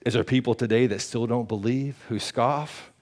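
A man pastor, preaching a sermon, swinging from loud emphatic peaks to hushed low passages. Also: moderate pace.

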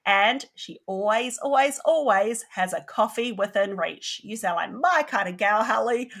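A woman's voice: mid-range voice, lively intonation, unhurried, fairly bright tone. A woman hosting a marketing podcast, reading a polished intro and laughing off slips in casual chat. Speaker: podcast host.

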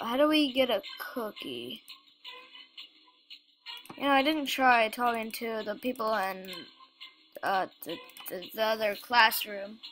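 High, bright-voiced woman playing a game. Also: slight background noise, low-quality recording. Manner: halting, stammering, reads game text aloud. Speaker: let's play host. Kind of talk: casual game commentary.

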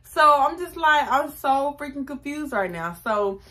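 Chatty young woman telling a story. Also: measured pace. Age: 20s. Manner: animated, chatty, acts out quotes with raised pitch. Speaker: vlogger. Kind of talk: casual storytime.

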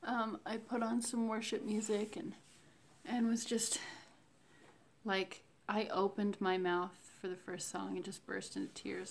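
A woman talking slowly and reflectively in a casual faith diary, with many fillers and pauses. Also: mid-range voice, level tone, creaky. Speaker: vlogger sharing a fasting diary.

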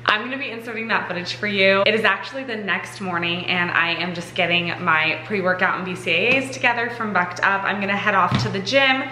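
A woman's voice: mid-range voice, brisk, few pauses, sharp tone, echoey room, a little hiss or hum. A young woman hosting a home vlog, talking to the viewers through a handheld camera in a gushing, bubbly way, with a groggy morning voice. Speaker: vlog host. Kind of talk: casual vlog talk to camera. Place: at home, indoors.

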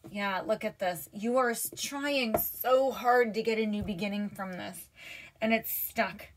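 A tarot reader chats casually with her viewers as she reads the cards, using lots of fillers and restarts. Teary and emotional, she speaks at a measured pace in a middle-pitched voice.

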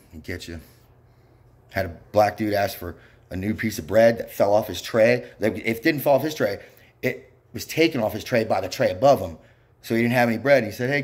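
Deep-voiced man ranting bitterly. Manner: bitter, profane, ranting with repeated yeps. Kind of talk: angry rambling monologue.

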